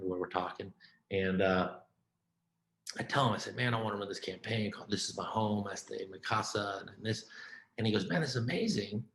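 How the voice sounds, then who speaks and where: A man giving a keynote talk, telling a story in an informal, animated way, with lots of "man" and "right?" and restarts. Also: fairly low pitch, roomy sound, rough recording. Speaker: keynote speaker.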